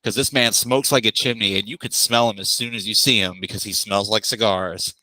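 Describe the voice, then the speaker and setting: A man narrating as game master of a tabletop game, describing scenes in a relaxed way with jokey asides. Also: on the low side, a little fast, no room sound, poor audio.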